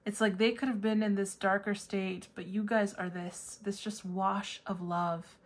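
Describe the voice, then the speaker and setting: Chatty woman giving a tarot reading. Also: unhurried. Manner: chatty, bursts into high excited squeals. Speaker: tarot reader. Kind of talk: casual pick-a-card tarot reading.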